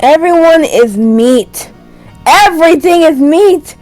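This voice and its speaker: A woman's voice: high-pitched, lively intonation, takes it slowly, darkish tone, soft background music, poor audio. A young woman reading a dating sim aloud, stumbling over words and breaking into dramatic shrieks. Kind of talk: reading game text aloud with reactions.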